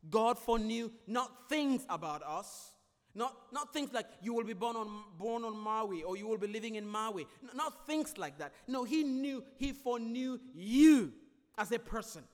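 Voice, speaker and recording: A high-pitched man delivers a sermon as pastor. He stresses his points through repetition and shifts between loud declarations and softer explanation. The recording carries a long hall reverb. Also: animated, moderate pace. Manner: emphatic, repetitive preaching with swings between loud and soft.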